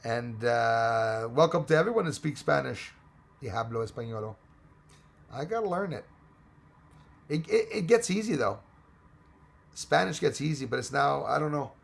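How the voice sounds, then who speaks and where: A man hosting a casual livestream, reading out chat names and greetings, his voice going hoarse and rambling between English, French and Spanish. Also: mid-range voice, animated, normal speed, long pauses. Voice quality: gravelly, hoarse voice. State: losing his voice.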